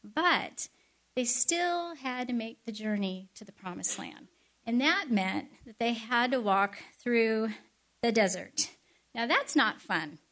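Lively high-voiced woman preaching. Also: slow pace. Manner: animated, chatty asides and laughs. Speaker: speaker at a Christian event. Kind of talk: storytelling sermon.

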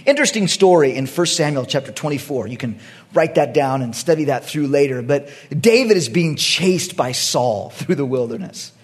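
A middle-aged man preaching a sermon as pastor, swinging between loud bursts and hushed, quiet asides. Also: on the high side, lively intonation, moderate pace, slightly rough.

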